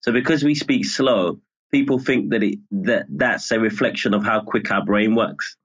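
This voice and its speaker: A journalist from Birmingham, England, with a Birmingham accent, talking as a guest in a relaxed, measured way. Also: male voice, lowish voice, breathy edge. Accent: Birmingham English. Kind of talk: casual interview. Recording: lo-fi muffled audio.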